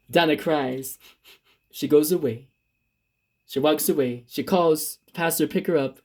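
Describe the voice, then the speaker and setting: A man's voice: on the high side, fairly even intonation, unhurried, darkish tone. A man casually retelling a made-up love story, rambling with restarts.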